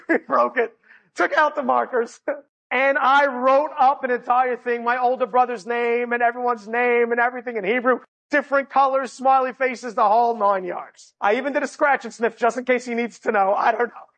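A man's voice: very high voice, fairly even intonation, normal speed, a bit bright. A man telling a personal story to an audience with humor and energy, laughing often. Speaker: inspirational speaker.

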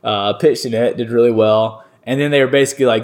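A young man from North Carolina, a baseball player, telling stories in a relaxed interview, rambling with lots of fillers and restarts. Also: mid-range voice, fast, hardly any pauses. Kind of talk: casual interview storytelling.

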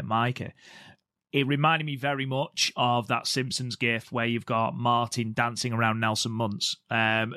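A man's voice: medium pitch, sharp tone, no echo, studio quality. A man co-hosting a podcast, chatting casually and enthusiastically with frequent fillers. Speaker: podcast co-host.

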